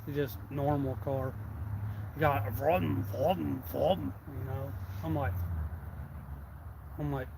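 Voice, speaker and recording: A man's voice: mid-range voice, fairly even intonation, slow, gravelly, long pauses, noisy background. A man hosting a live stream, telling a rambling, colloquial story and acting out the people he quotes. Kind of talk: casual storytelling.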